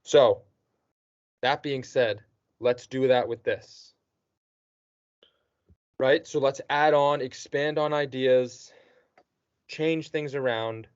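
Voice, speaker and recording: A man's voice: mid-range voice, slow, pauses often, clean tone, dry recording. Man tutoring one student, patient and encouraging, keeps checking in, dry muffled sound. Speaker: teacher. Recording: dull dry lo-fi recording.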